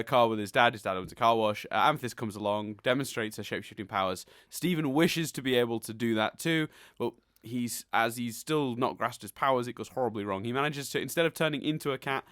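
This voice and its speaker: A man's voice: medium pitch, a bit bright, no echo, clean studio sound. A man hosting a casual podcast, recapping a cartoon episode in a chatty way and laughing often. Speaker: podcast host.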